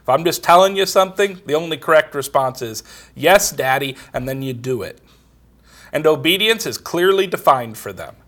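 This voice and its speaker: A man's voice: on the high side, lively intonation, moderate pace, fairly bright tone. A middle-aged man, preaching a sermon and telling everyday stories in a plain, conversational way. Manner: plain storytelling, quoting others in conversation.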